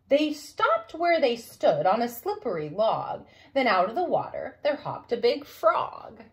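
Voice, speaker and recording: A woman, a children's librarian, reading a picture book aloud for story time in an expressive way. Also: high-pitched. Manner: expressive, slow, sing-song reading.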